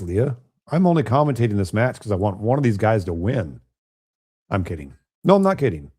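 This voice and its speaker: Hoarse, raspy low-voiced man commentating. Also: dark tone. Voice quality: raspy from a chest cold. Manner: chatty, joking, talks straight to viewers. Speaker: remote pool commentator. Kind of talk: casual live commentary. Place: at home, quiet room.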